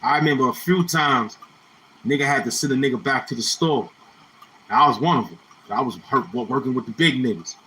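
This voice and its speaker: A man rambles through laid-back stories in thick street slang. He keeps circling back to the same phrases as he reminisces. His voice is bright and forward at a middle pitch, with a faint hum behind it. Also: a little fast, low-quality recording. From Brownsville, Brooklyn, New York. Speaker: YouTuber. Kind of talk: casual storytelling monologue.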